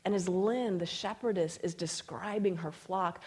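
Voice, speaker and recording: A woman's voice: lowish voice, unhurried, darkish tone. A woman preaching a sermon, telling a personal story and reading scripture aloud with emphasis. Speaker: speaker.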